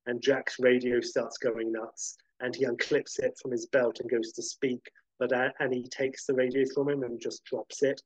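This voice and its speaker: A man casually narrating a film pitch scene by scene, rambling with frequent fillers. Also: flat delivery, moderate pace, few pauses, husky, no room sound, low-quality recording.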